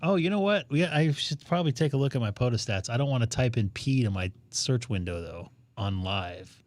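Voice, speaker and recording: A man's voice: mid-range voice, lively intonation, fairly quick, darkish tone, no echo. Joking man hosting a ham radio stream. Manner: joking, rambling, thinks aloud while browsing. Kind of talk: casual live-stream chat.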